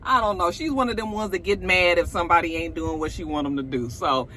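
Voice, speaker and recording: A woman's voice: lowish voice, quick pace, sharp tone, a little hiss or hum. A woman vlogger recapping a reality show in casual, profane slang, laughing often and acting out what people said.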